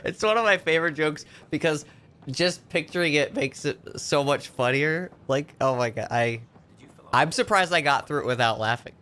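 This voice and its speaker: A man's voice: fairly high pitch, expressive, normal speed, bright, forceful tone, smooth. A man chatting on a live gaming stream, telling a long joke with lots of stammered restarts. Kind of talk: casual live-stream chat while gaming.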